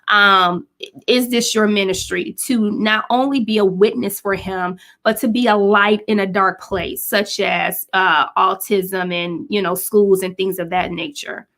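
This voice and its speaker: A woman hosting a faith-based talk show, speaking in an animated and expressive way. She is the mother of a young son. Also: mid-range voice. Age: adult parent of a five-year-old. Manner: animated, expressive, quick to act out scenes.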